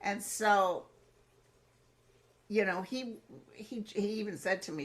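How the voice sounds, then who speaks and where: A woman, a psychic medium guest in an interview, telling personal stories in a lively, colloquial way and acting out the voices she quotes. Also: medium pitch, takes it slowly.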